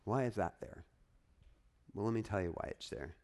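A man preaching a sermon as a pastor, in an animated, conversational way with frequent asides to the congregation. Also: lowish voice, moderate pace.

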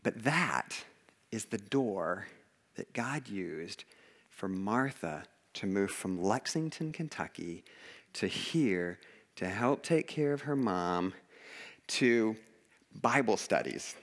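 A male pastor delivers a sermon in a church, speaking in a very expressive, swooping voice. He tells stories in an animated way, acts out each quoted line and often laughs. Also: on the low side, takes it slowly.

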